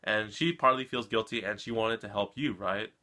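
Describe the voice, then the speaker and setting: Man, anime reaction vlogger, bright tone, rambling recap, keeps checking in with the listener. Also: fairly low pitch, moderate pace. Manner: rambling, keeps tagging "right?". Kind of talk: casual episode recap.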